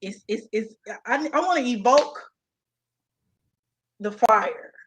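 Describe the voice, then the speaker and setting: A young woman co-hosting a casual chat, animated and playful, laughing often. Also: a little high, takes it slowly, a little hiss or hum. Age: young adult. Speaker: co-host.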